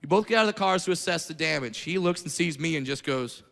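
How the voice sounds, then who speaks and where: A man doing a stand-up comedy set in front of a live audience, brash and self-mocking, jumping into loud mock voices. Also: a little high, expressive, fast talker, creaky. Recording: live room with long reverb and noise.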